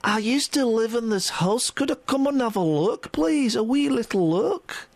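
A man's voice: very high voice, animated, unhurried, dry recording, voice pushed up, full character voice. A man voicing a polite, timid Scottish woman in her fifties, with a put-on Scottish accent. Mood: pleading. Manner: polite, sweet, pleading.

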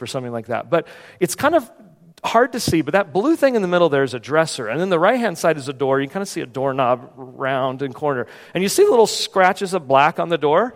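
A man preaching a sermon in a church, telling a personal story in an animated, conversational way. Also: fairly high pitch, a little fast. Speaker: pastor. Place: church sanctuary. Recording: long hall reverb.

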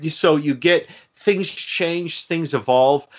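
A man co-hosting a casual chat, halting and repeating words as he starts sentences. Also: a little high. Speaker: podcast co-host. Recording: dull lo-fi sound.

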